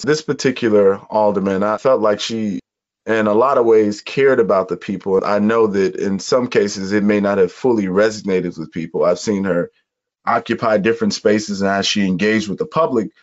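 A man from Chicago, a podcast guest, telling his life story in an earnest, measured way during an interview. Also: lowish voice. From Chicago, USA. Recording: dull lo-fi audio.

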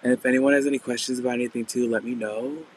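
Hoarse man hosting a live sale. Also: medium pitch, steady tone, fast, background noise. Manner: chatty, describes items in detail. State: hoarse, losing his voice. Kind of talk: casual live-stream sales pitch.

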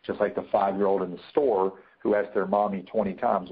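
Over a tinny line that sounds like a phone, a man with a low, husky voice teaches negotiation in a webinar. His tone stays steady and his pace is brisk, yet he's emphatic, loaded with fillers, and keeps repeating the main points.

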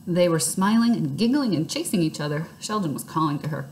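A woman reading a children's book aloud in lively first-person storytelling. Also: on the low side, fairly quick, a little hiss or hum.

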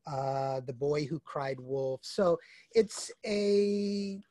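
A man being interviewed as an author, speaking in a measured, explanatory way that often restarts phrases. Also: fairly high pitch, mellow, dry recording. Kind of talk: conversational interview.

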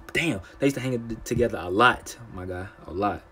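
A man's voice: on the low side, brisk, bright, forceful tone, husky. A young man telling a rambling, profane story while playing a game, with stutters and restarts. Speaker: gaming streamer. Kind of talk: casual storytime over gameplay.

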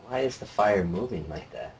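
A man's voice: fairly low pitch, animated, moderate pace, darkish tone, a little hiss or hum. A man co-hosting a let's play, making dry, laid-back jokes while he plays. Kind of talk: casual gameplay chat.

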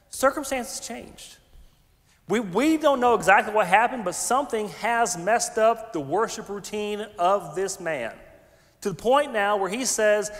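High-voiced pastor in a hall. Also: male voice, measured pace. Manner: conversational, animated, folksy asides. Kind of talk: sermon. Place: large church sanctuary. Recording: long hall reverb.

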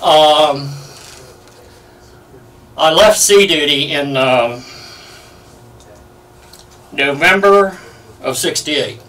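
A man in his seventies telling stories in an oral history interview, lively and full of fillers. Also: on the high side, drawn-out words, pauses often. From United States. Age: 70s. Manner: lively anecdotal storyteller, many fillers. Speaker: Navy veteran interviewee. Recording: distant from the mic.

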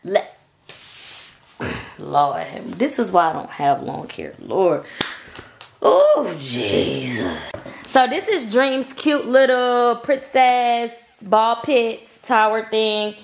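A woman's voice: a little high, very animated, slow. A woman making a casual home vlog, coaxing her baby in sing-song baby talk and chatting to viewers at home. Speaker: vlogger and mother. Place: home with wood and tile floors.

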